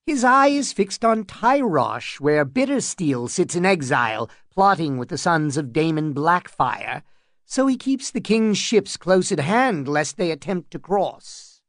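A man reading an audiobook, voicing a mild-mannered, reasonable middle-aged knight who speaks in measured tones. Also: a little high, very animated, a bit bright, dry recording, clean studio sound, voice pushed up, heavily acted.

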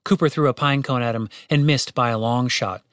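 A man narrating a fantasy audiobook in a steady, wry storytelling way, with casual swearing. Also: medium pitch, fairly quick, no echo.

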